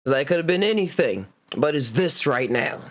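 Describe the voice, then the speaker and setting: Man, fairly high voice, laid-back, chuckling, slow reading. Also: expressive. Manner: laid-back, laughs often, reads words out slowly. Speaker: podcast host. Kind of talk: casual solo chat reading etymology.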